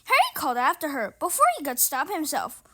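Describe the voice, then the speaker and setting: A woman with a high, bright-pitched voice reads a novel aloud. Her delivery swings up and down with a lot of movement, and she stumbles and restarts over a word now and then. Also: fairly quick. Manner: lively, with small stumbles and restarts. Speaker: reader.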